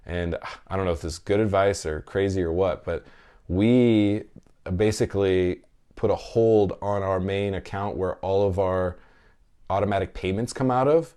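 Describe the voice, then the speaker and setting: This podcast host is a man in his thirties whose deep, warm voice sounds clear and resonant, with fairly even intonation at a moderate pace. He's reading listener comments in a casual live chat, getting candid and emotional and cursing without restraint.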